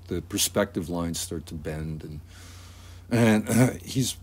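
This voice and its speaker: A man, an animator, casually talking through his storyboard in a relaxed, rambling way with many fillers. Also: sits low. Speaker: animator and artist.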